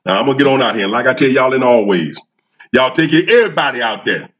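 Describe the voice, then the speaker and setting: A man's voice: medium pitch, very animated, fast talker, fairly bright tone, highs cut off. A man, a cigar vlogger talking in a fired-up casual monologue, repeating himself and asking his audience questions.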